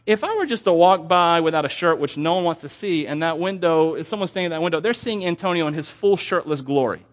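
A young man preaching a sermon, telling stories in an animated, self-deprecating way with frequent laughs. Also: on the high side, fast. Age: young adult. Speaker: pastor.

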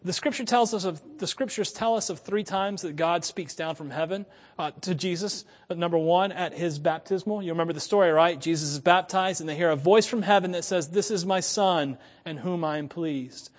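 A male pastor preaching a sermon, swinging between quiet asides and loud, emphatic passages. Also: high voice, brisk, long reverb tail.

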